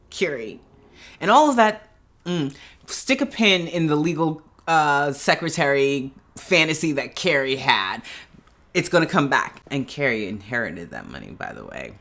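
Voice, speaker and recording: A woman giving a casual, animated reaction review of a TV episode, ranting in exasperation and laughing as she talks. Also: low-pitched, normal speed. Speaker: show reviewer. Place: at home in pajamas.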